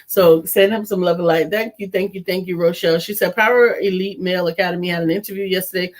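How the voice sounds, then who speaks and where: An American woman co-hosting a casual chat show, playful and bursting into sung shout-outs for listeners. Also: on the low side, fairly even intonation, fast talker. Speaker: co-host. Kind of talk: casual chat with improvised singing.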